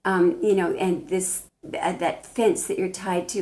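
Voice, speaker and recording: A woman's voice: on the low side, fairly even intonation, a little slow, darkish tone. A woman giving blunt spiritual relationship advice as a tarot reader, talking straight to camera and often restarting her sentences. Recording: roomy echo.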